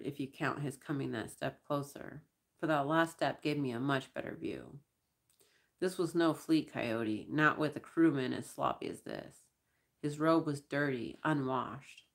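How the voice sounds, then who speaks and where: A woman reads first-person science fiction in a deep, gravelly register. Her delivery is measured, with a dry, wry edge. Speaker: audiobook reader. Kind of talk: first-person sci-fi narration.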